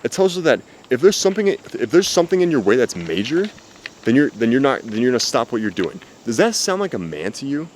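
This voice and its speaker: A man's voice: mid-range voice, very animated, fairly quick, slight background noise. A man giving blunt, profane dating advice in casual talk to camera, outdoors. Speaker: dating coach. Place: outdoors with cicadas. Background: faint cicadas.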